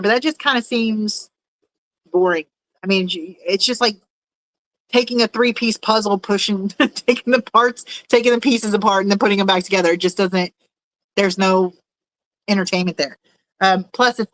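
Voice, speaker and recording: A woman's voice: medium pitch, a bit bright, no room sound, rough recording. Rambling, chatty woman hosting a livestream. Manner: rambling and chatty, with frequent fillers and laughs. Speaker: livestream host reading chat. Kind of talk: casual livestream chat. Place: at home in a room with fish tanks.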